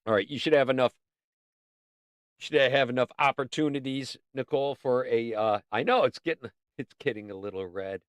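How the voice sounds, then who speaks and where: A man's voice: mid-range voice, moderate pace, dry recording. A man hosting a casual livestream, chatting in a rambling, playful way and often talking to himself. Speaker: livestream host.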